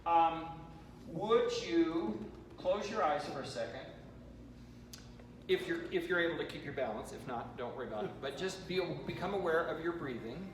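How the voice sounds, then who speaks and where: An American man leading a choir rehearsal warm-up, giving chatty instructions with joking asides. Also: on the high side, animated, moderate pace. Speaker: choir vocal coach. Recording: roomy hall, from far off, noisy.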